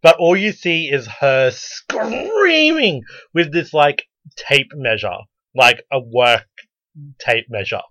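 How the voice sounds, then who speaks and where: A man's voice: mid-range voice, lively intonation, measured pace, sharp tone, no room sound. A man co-hosting a casual podcast chat, telling blunt, joking stories with lots of animation. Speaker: podcast co-host. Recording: dull lo-fi recording.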